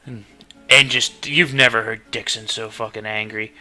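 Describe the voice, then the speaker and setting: A man's voice: on the low side, steady tone, normal speed, pushed and bright, faint music behind. A man narrating as game master in a tabletop game, telling the scene in a loose, swearing way.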